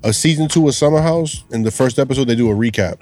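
A man co-hosting a casual chat, relaxed and explanatory, laughing easily. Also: medium pitch, quick pace, faint music behind.

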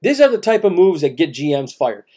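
Guy on a sports podcast, mellow tone, keeps hammering the same point and restarting sentences. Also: a little high, sing-song, brisk. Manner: emphatic, repeats points, many restarts. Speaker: podcast co-host. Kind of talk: casual sports talk.

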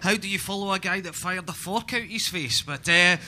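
A man's voice: high-pitched, fairly quick, sharp tone. A Scottish man doing a live stand-up set, telling punchy stories with swearing. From Scotland. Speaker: stand-up comedian. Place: comedy venue with live audience.

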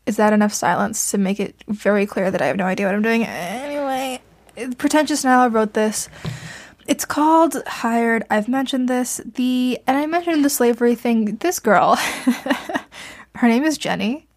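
Young woman, higher voice, casual rambling monologue, self-deprecating, filler-heavy, home mic. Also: normal speed. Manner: chatty and self-deprecating, laughs often, many fillers. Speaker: podcast host reviewing fan fiction. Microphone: home mic she adjusts herself.

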